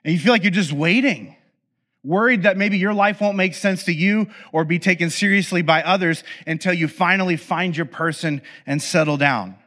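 A man's voice: high-pitched, moderate pace, a bit bright. A man giving a conversational sermon, telling a humorous story and acting out exasperated inner voices. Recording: echoey hall reverb.

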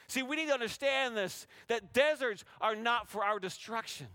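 Male preacher, high and bright, smooth and clear, dry close sound; asks the room questions, dramatizes scripture. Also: moderate pace, few pauses, dry recording. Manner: preaching with rhetorical questions to a congregation; acts out biblical speakers in raised voice. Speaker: pastor. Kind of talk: sermon.

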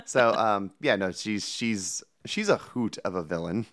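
A podcast co-host chatting about an old movie with a lively, swinging pitch, joking and acting out silly lines along the way. The talk is loose and casual. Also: male voice, a little slow. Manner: animated, joking, puts on silly quoted voices. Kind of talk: casual movie-review chat.

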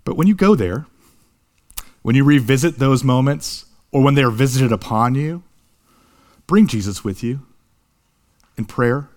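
A young man preaching with earnest conviction, slowing down to linger on key words. His voice sits at an ordinary middle pitch for a man and climbs as the message builds toward its high points. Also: animated, darkish tone. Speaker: pastor. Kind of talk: sermon.

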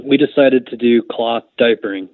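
A man's voice: mid-range voice, normal speed, dry recording, narrow, tinny audio. A man talking casually as a podcast guest, blunt and crude in his joking. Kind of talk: casual chat.

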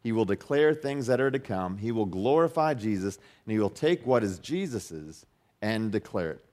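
A man's voice: fairly low pitch, animated, moderate pace, a little mellow. A man preaching a sermon as pastor, talking in a loose conversational way with frequent restarts, lifting his voice when he reads and repeats key lines. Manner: conversational, many restarts and fillers, rising emphasis on quotes.

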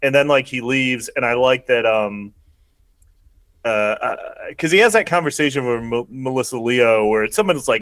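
A man's voice: mid-range voice, normal speed, a bit bright, smooth, no room sound. A man co-hosting a podcast, casually retelling a movie plot with lots of fillers and small laughs. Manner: rambling, many fillers, laughs while retelling. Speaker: podcast co-host. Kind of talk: casual movie recap chat.

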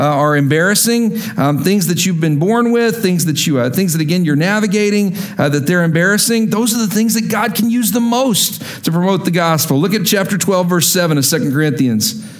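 A man preaching a sermon, reading scripture and speaking to the congregation, climbing in pitch on emphatic lines and dropping low and quiet for serious points. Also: moderate pace, hardly any pauses. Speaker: pastor.

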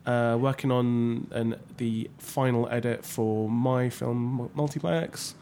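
A man with a husky, sick voice co-hosting a podcast, playful and teasing, often laughing. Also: medium pitch, fairly even intonation, slow, warm tone, a little hiss or hum. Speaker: podcast co-host. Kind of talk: casual chat.

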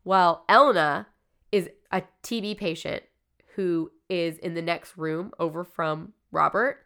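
A woman with a lower-pitched voice hosts a podcast, chatting casually. She retells stories loosely, swearing freely and leaning on "like". Her tone comes through smooth and clear. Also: unhurried, fairly bright tone. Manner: loose, profane, lots of "like". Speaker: podcast host. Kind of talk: casual chat, retelling a story.

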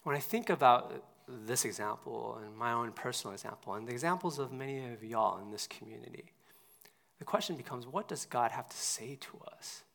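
Male pastor, mid-pitched, gravelly texture, conversational sermon delivery with hushed dips and emphatic peaks. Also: lively intonation, a little fast.

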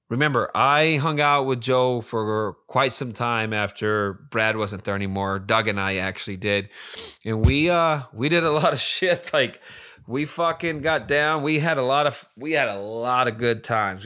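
A man's voice: medium pitch, pushed and bright. A man in his forties telling a rambling personal story in casual talk, swearing freely as he goes. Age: 40s.

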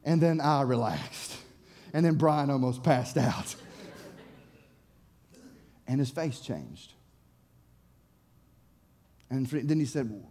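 A young man, a youth pastor, preaching and telling a story with excited, animated delivery and frequent restarts. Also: mid-range voice, normal speed, pauses often. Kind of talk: sermon storytelling.

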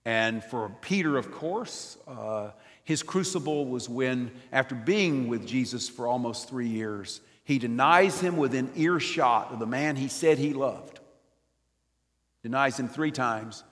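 Older guy preaching a sermon, mid pitch, goes big then drops to a whisper, long churchy echo. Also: a little slow. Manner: expressive, swings from loud emphasis to near whisper. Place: church nave.

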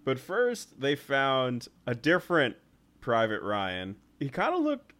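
A young man co-hosting a movie podcast, talking in loose, rambling casual chat at a middle pitch. He piles up fillers and slips into quick put-on voices when he retells scenes. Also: wildly swooping pitch, a bit bright. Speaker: podcast co-host.

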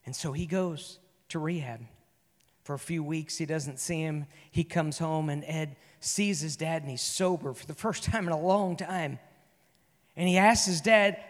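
A man preaching a sermon as pastor, telling a story earnestly and moving between loud and soft delivery. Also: a little high, measured pace, in a large hall. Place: church sanctuary.

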